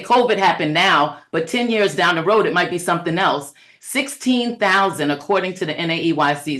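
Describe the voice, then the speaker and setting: A middle-aged woman with a low, fairly bright voice coaches childcare owners during a webinar. She's earnest and conversational, full of fillers, and turns preacherly when quoting scripture.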